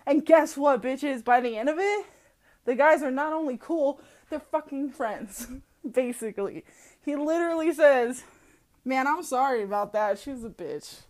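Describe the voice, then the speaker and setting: A woman's voice: high-pitched, measured pace. A woman hosting a solo podcast, ranting bluntly with heavy swearing, laughing often and mocking people as she tells stories. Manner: mocking, animated storytelling. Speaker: podcast host. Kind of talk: profane solo podcast rant.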